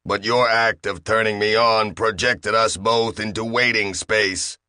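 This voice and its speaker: A man voicing a bullying, smarmy talking machine, loud and peremptory with a slight accent. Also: fairly low pitch, fairly even intonation, measured pace, no echo, studio quality. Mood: bossy.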